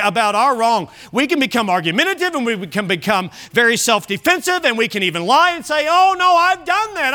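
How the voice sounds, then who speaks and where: A male pastor preaching an evening sermon, emphatic, with frequent restarts and softer asides. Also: very high voice. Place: church service.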